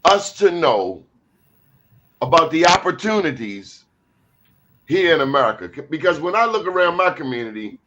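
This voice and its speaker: High-pitched emphatic male talk show host. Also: normal speed, pauses often. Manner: animated, preachy, emphatic asides.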